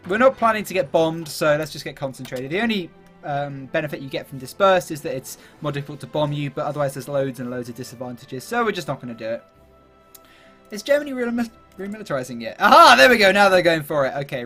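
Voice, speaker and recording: A man's voice: a little high, fairly bright tone. Chatty man narrating strategy gameplay. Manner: chatty, laughs at himself, thinks aloud with many fillers. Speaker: gaming YouTuber. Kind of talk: casual gameplay commentary.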